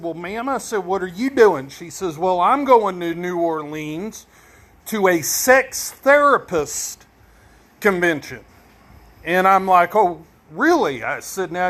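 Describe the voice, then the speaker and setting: A middle-aged man spins a long joke like a personal anecdote, rambling and folksy with plenty of "uh" and "you know." His voice sits high for a man and rings bright and forward. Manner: rambling, folksy, lots of fillers. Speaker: storyteller. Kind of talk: casual joke telling.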